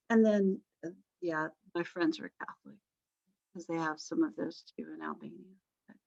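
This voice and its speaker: A woman's voice: medium pitch, fairly bright tone, no room sound. Chatty woman history teacher, dull dry recording. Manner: chatty, rambling, self-deprecating asides. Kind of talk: recorded class lecture.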